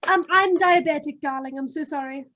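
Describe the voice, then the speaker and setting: A woman playing a breezy, high-voiced lady vampire. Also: brisk, fairly bright tone, dull audio. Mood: gracious. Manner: breezy, sweetly polite. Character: airy, gracious female vampire.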